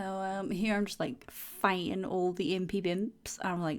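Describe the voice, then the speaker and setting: Giggly woman chatting over gameplay. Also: moderate pace. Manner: chatty and giggly, acting out silly inner dialogue in a higher voice. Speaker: gaming video creator. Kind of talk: casual voiceover commentary. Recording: voiceover recorded at home on a mic.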